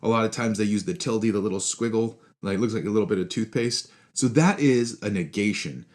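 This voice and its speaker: Lowish-voiced man giving a casual logic lecture. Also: darkish tone. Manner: conversational, frequent "right?" checks; slows to spell out symbols. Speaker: philosophy instructor.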